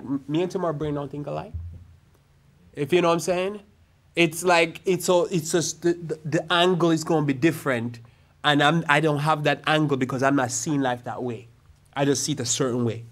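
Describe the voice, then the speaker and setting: Conversational preacher man, fairly high voice. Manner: conversational preaching with church storytelling asides; drawn-out emphasis on key phrases. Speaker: pastor. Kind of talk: sermon. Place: church sanctuary.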